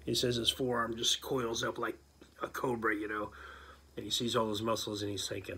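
A man casually telling a story aloud, animated, with many fillers, and he acts out what people said. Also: medium pitch, normal speed, husky. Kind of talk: casual spoken anecdote.

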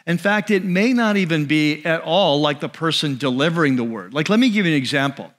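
A male pastor giving a sermon in a conversational way, slowing and dropping his voice on key phrases. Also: a little high, lively intonation, a bit bright. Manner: conversational preaching with restarts and asides.

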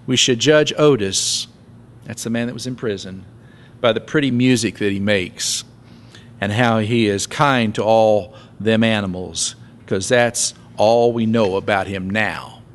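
Man preaching a lively sermon. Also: mid-range voice, creaky. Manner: reads scripture aloud with lively, sarcastic emphasis. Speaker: pastor. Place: church.

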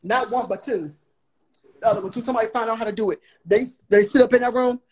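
A drunk young man on a livestream, loudly complaining and exasperated. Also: very high-pitched, fast, a little hiss or hum. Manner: loud, exasperated, slurring complaints. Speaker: livestream guest.

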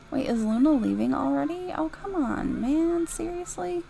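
Giggly gamer girl doing chatty mod commentary, kinda high voice, bit of vocal fry. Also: rough recording. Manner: chatty and giggly, reacting out loud to the game. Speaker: YouTuber reviewing game mods. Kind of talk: casual gameplay commentary.

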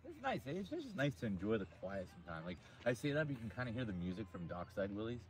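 A man hosting a casual outdoor live stream by a lake, joking and rambling in an animated way. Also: lowish voice, quick pace.

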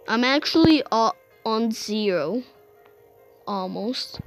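A woman's voice: a little high, lively intonation, takes it slowly, faint music behind. A woman giving casual, rambling gameplay commentary, exclaiming often and restarting her sentences. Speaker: gamer.

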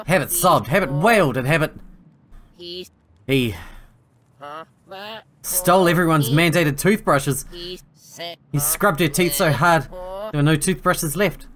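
A man's voice: a little high, slow pace, pauses often, a bit bright. A man reading aloud a game's sulky young male ex-assistant who whines about his bad teeth, in a plain voice with a self-pitying ramble. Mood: sulky, gossipy. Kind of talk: reading game dialogue aloud.

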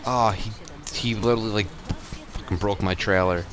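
A gamer with a lowish voice at normal speed gives casual let's-play commentary while driving in a game. He swears a lot, gets frustrated and excitable, and flares up easily.

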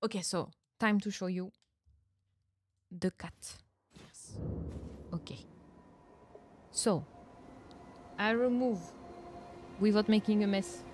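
Giggly French woman streaming slowly. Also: medium pitch, darkish tone, slight background noise. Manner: giggly, chatty, reacts aloud to the game. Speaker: streamer playing a video game. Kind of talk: casual live-stream chat.

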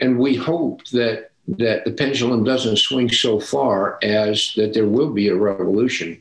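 A man appearing as a guest on a talk show, speaking in a slow, deliberate and reflective way. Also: mid-range voice, vocal fry. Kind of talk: measured talk show discussion. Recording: roomy echo.

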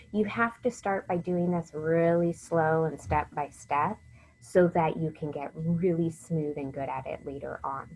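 A woman teacher walking young writers slowly through a literacy lesson, step by step, sometimes whispering the example sentences. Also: fairly low pitch, dark tone, slightly rough, rough recording.

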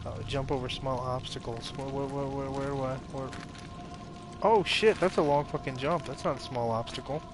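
A man's voice: mid-range voice, fairly even intonation, a little fast, few pauses, over music. A young man streaming a horror game, swearing and reacting with jumpy, casual commentary. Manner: profane, jumpy reactions, talks to himself. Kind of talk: casual let's-play commentary.

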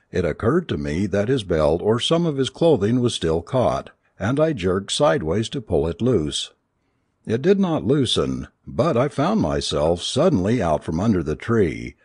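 A man narrating a first-person story aloud in a dramatic, expressive reading. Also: deep voice, husky, no echo, clean studio sound. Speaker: audiobook narrator.

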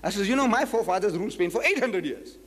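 Man, public lecture, high lively voice, acts out dialogue, long hall reverb. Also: slightly rough. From South Africa. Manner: animated storytelling, acts out dialogues, slows to quote scripture. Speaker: Muslim preacher and debater.

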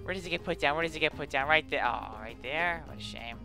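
A man giving excited, playful gameplay commentary on a let's play, taunting his opponent and shouting when things happen. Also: on the high side, fast talker, gravelly, few pauses, faint music behind. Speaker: gamer doing a let's play.

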